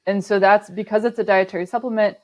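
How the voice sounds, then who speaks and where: In a relaxed interview on a podcast, a woman who works as a sustainability manager describes her job with care, pausing for ums and restarting sentences. Her mid-range voice holds a steady tone at a quick pace.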